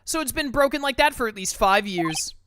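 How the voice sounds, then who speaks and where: Woman reading a calm young lawyer. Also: a little high, brisk, a little hiss or hum.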